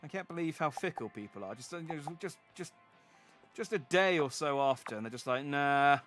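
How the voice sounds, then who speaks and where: A young man chats his way through a video game, keeping up animated commentary. His voice is bright and sits a little high, and he jumps between as he reads the dialogue out loud. Faint game music runs behind him. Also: fairly quick. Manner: animated, reads dialogue aloud and tries out accents. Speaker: game streamer. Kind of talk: casual gameplay commentary.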